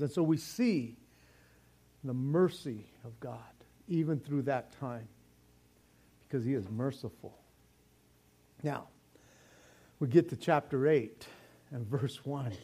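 An older man preaching a sermon in a lively, joking way, often restarting his words. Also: a little high. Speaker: pastor.

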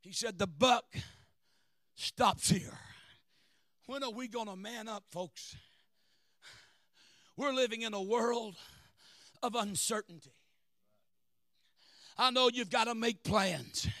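A middle-aged man preaching a sermon, shouting and chanting, calling for amens from the congregation. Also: sits high, slow, pauses often, dry recording.

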